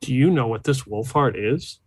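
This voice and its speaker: A man playing a polite adventurer who talks in a formal, measured way. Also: medium pitch, lively intonation, breathy edge, no echo.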